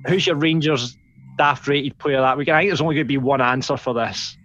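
A man with a Scottish accent, hosting a casual football podcast, chatty and quick to laugh. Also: mid-range voice, fairly bright tone, lo-fi sound, soft background music. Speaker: podcast host.

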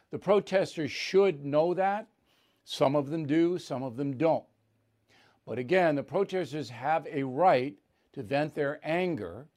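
An older man hosting a live news commentary show, speaking in a measured, deliberate way with firm emphasis. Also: mid-range voice, a little mellow.

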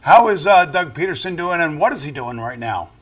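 A man's voice: fairly high pitch, expressive, a little fast. A man in his sixties hosting a casual sports interview, friendly and teasing with his guest. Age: 60s. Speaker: host.

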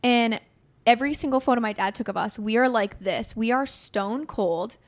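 Animated young woman telling stories. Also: on the high side, normal speed. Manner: animated storytelling, swears freely. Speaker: host. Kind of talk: casual chat.

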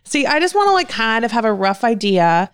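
A woman's voice: on the high side, very animated, fairly quick, clean tone, dry recording, clean studio sound. A young woman from California, chatting casually and bubbly as a podcast co-host, laughing often. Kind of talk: casual chat.

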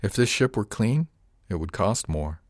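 A man voicing an older ship captain with a dry, measured and wry manner, in an audiobook. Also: fairly low pitch, expressive, a little mellow, no echo.

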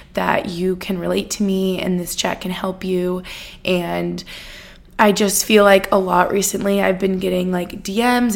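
A woman's voice: mid-range voice, creaky, a little mellow. A woman hosting a personal podcast, chatting in a rambling way with lots of fillers and nervous laughs, sounding a little congested. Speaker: podcast host.

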